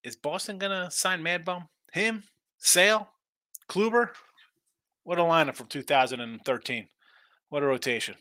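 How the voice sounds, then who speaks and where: A man's voice: a little high, normal speed, long pauses, sharp tone, no echo. A middle-aged man hosting a live sports betting show, rambling through his picks and trash-talking teams.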